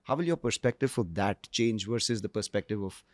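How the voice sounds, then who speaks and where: A man's voice: on the low side, lively intonation, a little fast, no room sound. A man asking brief, attentive interview questions. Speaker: podcast interviewer.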